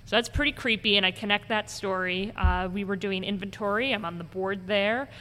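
A woman's voice: medium pitch, fairly quick. A woman who gives ghost tours, telling stories in conversation and acting out the voices of the people in them. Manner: animated storyteller acting out quoted voices. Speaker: ghost tour guide. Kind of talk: conversational storytelling interview. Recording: long reverb with faint background noise.

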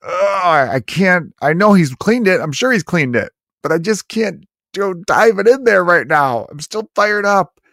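A flustered young woman, stammering and high-strung, her voice jumping well above its usual register and pushing louder and stretched-out as she gets worked up, as a man puts her on. The sound is close and dry. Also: lively intonation, measured pace, dry recording, full character voice. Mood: squeamish, fired up. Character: upset young woman, squeamish and fired up.

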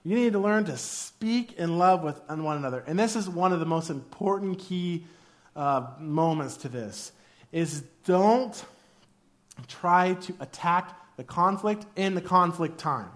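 A man in his thirties preaching a sermon with a high, bright pitch that leaps up and down. He keeps it casual and jokey, and acts out quoted arguments in a raised voice. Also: expressive, measured pace. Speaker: pastor.

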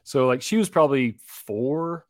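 A man in his thirties, co-hosting a podcast in casual chat, telling animated stories about his kids. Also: medium pitch, measured pace, dry recording, studio quality. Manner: animated storyteller, acts out voices in anecdotes. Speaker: podcast co-host.

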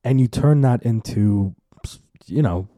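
A man's voice: mid-range voice, a little slow, dark tone, no echo, clean studio sound. A man in his twenties hosting a solo podcast, telling rambling, self-amused stories, swearing freely and acting out the voices he quotes. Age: 20s. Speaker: podcast host. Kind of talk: casual solo podcast monologue.

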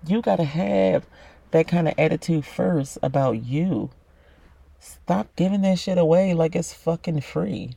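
A man's voice: high-pitched, gravelly, mellow, slightly rough, no room sound. A man giving a blunt, swear-filled motivational monologue about self-love, talking straight to the listener. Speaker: self-help podcaster.

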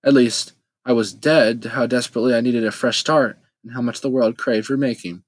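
A man's voice: medium pitch, steady tone, brisk, natural voice. A man doing an icy, haughty queen. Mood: icy, dismissive. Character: cold, imperious middle-aged woman ruler. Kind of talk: audiobook character voice.

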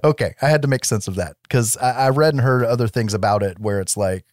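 A man's voice: mid-range voice, fast talker, no echo, studio quality. A man hosting a casual chat, recapping a movie in a loose, profane way. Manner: loose, profane, laughs often.

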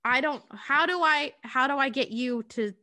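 A woman voicing a naive, sheltered young man who is sweet and eager, her voice jumping high when he pleads. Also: normal speed, pushed and bright. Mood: pleading.

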